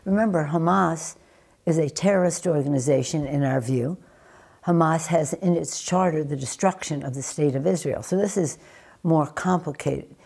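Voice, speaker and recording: Older woman, news interview, husky, dark mellow tone, emphatic, restarts sentences. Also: deep voice. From United States. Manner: deliberate, emphatic, with frequent restarts and fillers. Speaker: interviewee, former politician.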